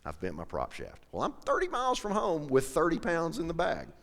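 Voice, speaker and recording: A man telling a folksy, animated story to a live audience, acting out both sides of the conversation. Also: fairly high pitch, a little fast, gravelly. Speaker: professional angler speaking to an audience. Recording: echoey hall with long reverb.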